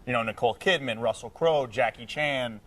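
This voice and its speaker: A man hosting a talk show, asking quick, joking questions of his guest. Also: mid-range voice, recorded from a distance, over a noisy crowd. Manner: quick, jokey, playful. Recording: voice a bit off-mic.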